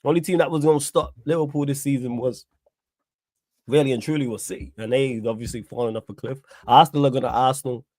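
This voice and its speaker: A man's voice: medium pitch, fairly even intonation, fast, a little mellow, dry recording. A man hosting a live stream, chatting casually about football with street slang and a laid-back manner. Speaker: livestream host.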